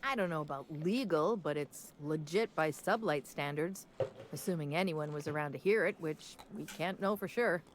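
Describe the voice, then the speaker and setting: A woman's voice: low-pitched, normal speed, slight background noise, lightly acted. A woman voicing a stern, weary tavern keeper. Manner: firm, motherly scolding. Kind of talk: video game voice acting.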